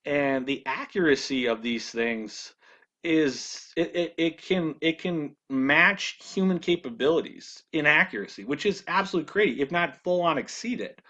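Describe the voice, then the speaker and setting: Halting man in a casual monologue. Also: a little high, sharp tone, muffled recording. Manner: halting, with frequent restarts and repeated words. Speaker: ministry video presenter.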